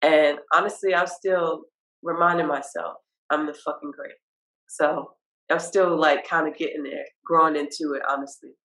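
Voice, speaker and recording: A woman from Virginia talks as a rapper guest on a casual podcast. She sounds relaxed and candid and swears offhandedly. She often pauses on fillers while she gathers her thoughts. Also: low voice, rough recording.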